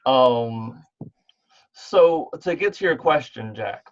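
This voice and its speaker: Male game master, mid-pitched, rambling and hesitant delivery, dull online-call audio. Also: lively intonation, takes it slowly. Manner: rambling, lots of fillers and restarts. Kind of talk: running an online tabletop game.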